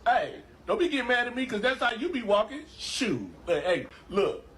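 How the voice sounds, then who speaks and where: A man's voice: very high voice, big pitch swings, normal speed, heavy background noise. A man voicing a sassy, grumbling male pet dog in an internet video, full of indignant street-talking banter. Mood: sassy, teasing. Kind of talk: internet animal voice-over video.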